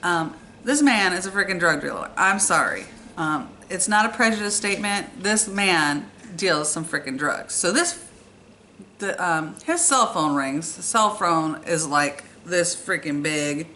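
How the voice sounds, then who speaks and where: A young woman telling a true story from her own life in a casual, animated and exasperated way. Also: on the low side, a little slow, a little hiss or hum. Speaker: storytime vlogger.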